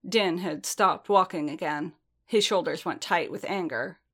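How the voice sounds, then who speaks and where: Woman reading a fanfic aloud, slow and steady, kinda low voice. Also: breathy edge. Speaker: narrator. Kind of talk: fan fiction audiobook narration.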